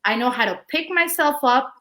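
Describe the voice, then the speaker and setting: A woman in her forties speaks on a video call with a bright, forceful, fairly high voice. She tells her story in an earnest, passionate way, as a guest on a town hall panel. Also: lively intonation, moderate pace. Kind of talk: casual panel talk.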